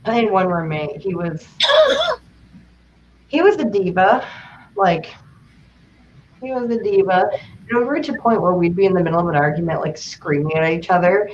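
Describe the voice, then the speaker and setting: A young woman in casual chat who is animated and acts out the lines she quotes. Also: on the low side, normal speed, pauses often. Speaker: co-host. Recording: dull distant mic with faint noise.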